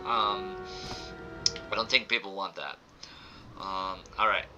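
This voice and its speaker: A man's voice: low-pitched, steady tone, takes it slowly, pushed and bright, muffled recording. Chatty guy streaming a game, kinda squawky voice, game music going in the background. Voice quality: slightly squawky voice. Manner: chatty, playful, jumps into silly voices. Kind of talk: live gameplay commentary.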